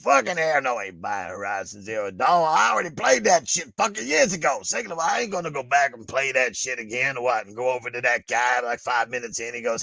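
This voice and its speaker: A man co-hosting a gaming podcast, brash and profane, ranting crude jokes in loud bursts. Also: mid-range voice, very animated, fairly quick, vocal fry, few pauses, no echo, low-quality recording. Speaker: podcast co-host. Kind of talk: crude comedic rant.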